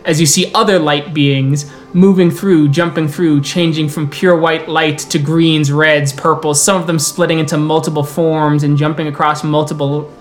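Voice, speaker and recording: A man running a tabletop role-playing game as storyteller, mixing unhurried scene narration with quick rules calls. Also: a little high, level tone, soft background music.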